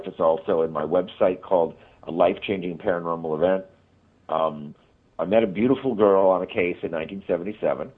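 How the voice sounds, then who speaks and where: A man's voice: sits low, slightly rough. A man telling a long story as a radio guest, rambling with many restarts. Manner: rambling, frequent restarts, animated retelling. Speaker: guest, paranormal investigator and author. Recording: tinny phone line on radio.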